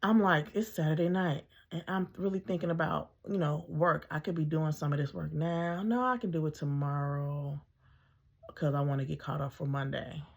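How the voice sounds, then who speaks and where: Woman, middle-aged, low voice, gravelly, casual personal storytelling, lots of ums. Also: steady tone, normal speed. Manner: conversational, frequent ums, acts out her own thoughts. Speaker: mother sharing her personal story.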